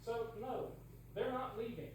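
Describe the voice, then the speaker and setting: A woman's voice: a little high, a little slow. A woman in a heated home argument, accusatory and insistent, talking over the other person. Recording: echoey room, distant mic, noisy.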